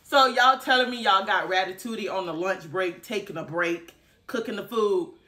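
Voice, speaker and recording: A woman's voice: medium pitch, normal speed, bright, forceful tone. A young woman from Alabama, telling a story dramatically in a casual vlog. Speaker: vlogger.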